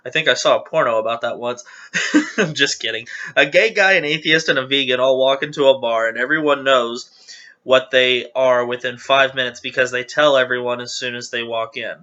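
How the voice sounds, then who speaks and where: A man's voice: mid-range voice, moderate pace, sharp tone, dull audio. A man hosting his channel, casually reading viewer jokes aloud with chatty, giggly, self-deprecating asides.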